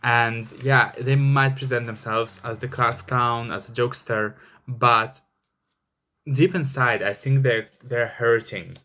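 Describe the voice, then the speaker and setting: A man's voice: mid-range voice, fairly even intonation, takes it slowly, sharp tone. A man giving a casual tarot reading, rambling with many fillers and flaring into angry swearing. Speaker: tarot reader.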